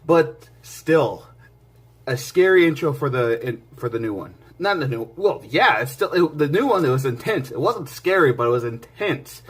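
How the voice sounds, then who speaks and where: A man hosting his own movie review vlog, talking in an excited, rambling way with lots of restarts and side remarks, jumping between loud bursts and quiet mutters. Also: a little high, moderate pace, breathy edge. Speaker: movie reviewer and channel host. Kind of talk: casual spoken movie review.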